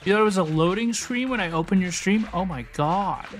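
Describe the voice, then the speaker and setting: A man's voice: sits high, brisk, slight background noise. A man livestreaming a game, chatting with viewers, thanking subscribers and griping about the level design. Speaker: streamer. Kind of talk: casual gameplay livestream chat.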